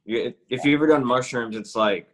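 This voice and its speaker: A man hosting a podcast in casual chat, talking in a laid-back, drawn-out way. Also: medium pitch, low-quality recording. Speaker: podcast host.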